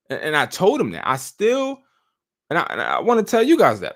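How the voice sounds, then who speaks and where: A man's voice: fairly high pitch, huge pitch swings, fairly quick, fairly bright tone. A man hosting a live stream, chatting casually and telling stories in loose slang with profanity. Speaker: host.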